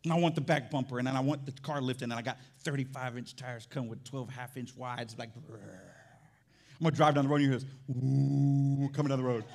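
A man preaching a sermon as pastor in a church, animated and jokey, swinging from loud excitement to quiet emphasis. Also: medium pitch, fast talker. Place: church sanctuary.

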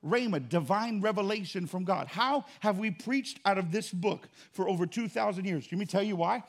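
High-voiced preaching pastor, emphatic. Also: male voice, moderate pace, hardly any pauses. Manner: emphatic, swings from loud to quiet; repetitive preaching cadence. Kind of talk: sermon. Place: church.

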